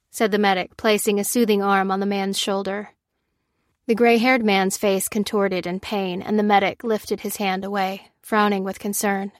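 Woman audiobook narrator, steady read, mid pitch, dead-dry close mic sound. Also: moderate pace, no room sound.

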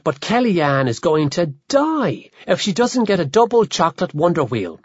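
A narrator reading a novel aloud as an audiobook, telling it in a measured, expressive way. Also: mid-range voice, breathy edge, no echo, muffled recording.

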